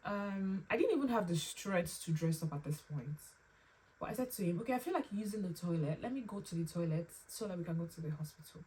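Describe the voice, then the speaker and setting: Young woman, low-pitched, emotional storytelling, slightly distant mic. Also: darkish tone. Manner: halting and tearful, with pauses and restarts. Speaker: vlogger sharing a personal story. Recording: slightly distant mic with faint room ambience.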